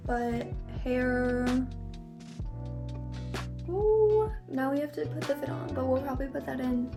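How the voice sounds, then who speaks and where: A woman's voice: high voice, level tone, quick pace, gravelly. A young woman chatting casually in a reading vlog, gushing and full of filler words. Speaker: book vlogger. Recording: faint music underneath.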